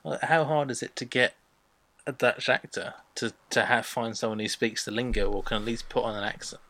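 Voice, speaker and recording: A man's voice: medium pitch, steady tone, fairly quick, pushed and bright. A man co-hosting a podcast, chatting bluntly and opinionatedly about a sitcom. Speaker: podcast co-host reviewing a sitcom. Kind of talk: casual chat.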